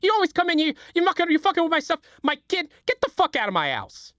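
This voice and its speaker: A man on a livestream doing a comic impression of a furious, loudmouthed middle-aged woman who screams insults and profanity. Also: very high voice, huge pitch swings, quick pace, no echo, clean studio sound, pitched above the performer's own voice, exaggerated voice. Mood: enraged.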